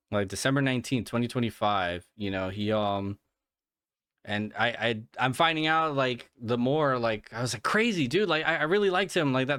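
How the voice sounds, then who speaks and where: Male podcast host, sick and fatigued, smooth voice, dry sound, swears and restarts a lot. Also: mid-range voice, fairly bright tone, no echo. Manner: rambling, profane, lots of restarts and fillers. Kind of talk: casual solo podcast monologue.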